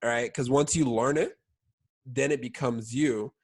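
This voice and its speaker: A man's voice: medium pitch, fairly even intonation, unhurried. Casual young man coaching a sales team. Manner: filler-heavy, keeps checking in with "all right?". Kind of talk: casual training talk.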